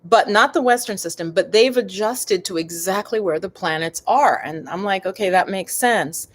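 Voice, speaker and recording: A middle-aged woman hosts a live stream about yoga and meditation, chatting casually and drifting off on tangents while often calling her viewers "you guys." Her voice is medium in pitch, and she speaks at normal speed.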